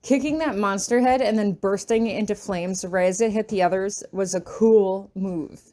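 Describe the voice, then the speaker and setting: A woman's voice: mid-range voice, moderate pace, warm tone, close to an everyday voice. A woman voicing an upbeat young male magic teacher who encourages his student in an audiobook reading. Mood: encouraging.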